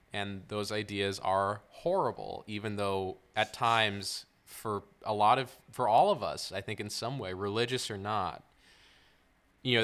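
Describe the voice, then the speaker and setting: A man's voice: lowish voice, bright, forceful tone. A man co-hosting a podcast, talking through a TV series in a casual, thoughtful way with many "like" fillers. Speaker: podcast co-host. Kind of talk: casual film discussion.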